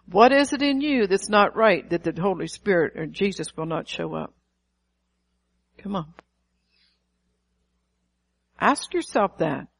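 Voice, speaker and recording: A middle-aged woman preaching a sermon, emphatic and calling out to her listeners. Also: medium pitch. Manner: emphatic, calls to the audience.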